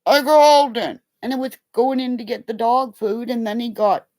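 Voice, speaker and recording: A woman's voice: on the high side, normal speed, background noise. A middle-aged woman telling rambling, profane stories in casual chat, acting out the voices of the people in them. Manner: profane, animated, acts out quoted voices. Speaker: live streamer.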